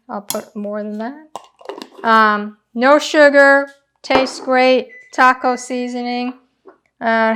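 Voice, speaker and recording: A woman's voice: on the high side, a bit bright, a little hiss or hum. A woman hosting a casual home cooking demonstration, chatting through each step as she cooks in her kitchen. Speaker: cooking channel host.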